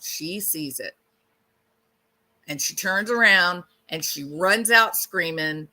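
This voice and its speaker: Woman, true-crime host, blunt casual speculation, bright voice. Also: fairly low pitch. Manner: blunt, conversational, rhetorical questions.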